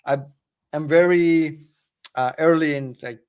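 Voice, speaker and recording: A man's voice: fairly high pitch, slow pace, darkish tone, smooth. A man learning to code, speaking in a casual, hesitant way with many fillers. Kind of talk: casual chat.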